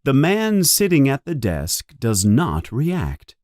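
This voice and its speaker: Narrating a storybook for learners, this man is clear and deliberate, moving very slowly with huge pitch swings. His tone is somewhat dark, and the close, dry recording has no room sound.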